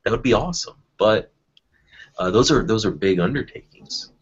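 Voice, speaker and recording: A man's voice: lowish voice, lively intonation, normal speed, breathy edge, dull audio. A man talking about teaching in a casual online discussion, thinking aloud with many fillers and restarts. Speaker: educator in a panel discussion.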